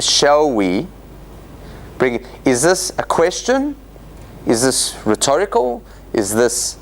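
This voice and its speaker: A rabbi leads a Bible study for a room of listeners, his voice sitting a little high and swooping up and down as he acts out the text. He talks off the cuff, tripping over restarts and bursting into dramatic mock quotes. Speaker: rabbi teaching a Torah study class. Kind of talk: informal Bible study lecture with questions to the audience. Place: meeting room of a church centre.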